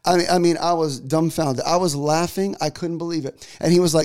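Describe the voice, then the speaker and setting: A pastor in his forties preaching with a slightly raised pitch, spinning a casual personal story. He talks in a loose, chatty way, doubling back and restarting his phrases as he goes. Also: steady tone, a little fast, hardly any pauses, darkish tone, clear, resonant tone. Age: 40s. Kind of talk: sermon.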